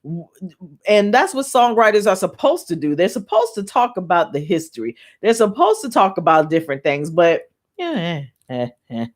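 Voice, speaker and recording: A woman, hosting a spiritual talk show from her home on camera, talking in a chatty, excitable way and often laughing. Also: medium pitch, normal speed. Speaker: spiritual podcast host. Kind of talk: casual chat, reading aloud and teaching.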